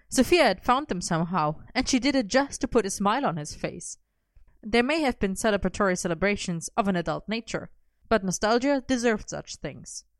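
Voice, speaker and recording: A woman's voice: mid-range voice, no room sound. A woman reading a lighthearted story aloud with wry, comic timing. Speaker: narrator.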